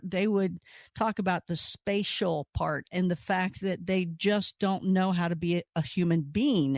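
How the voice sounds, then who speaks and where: A woman hosting a radio talk show, telling stories in a lively, conversational way with pitch that jumps up when she stresses a point. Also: no echo, studio quality.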